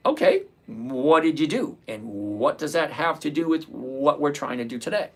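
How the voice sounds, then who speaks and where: A man with a rather high voice hosts a live trading stream at normal speed, his pitch rising and falling dramatically. He responds to chat, reads viewer comments out loud, and lectures emphatically, repeating key phrases.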